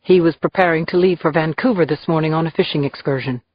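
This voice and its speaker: A woman's voice: deep voice, fast talker, husky, no echo. A woman voicing a terse male federal deputy director who talks in clipped statements, in a dull, dry lo-fi recording.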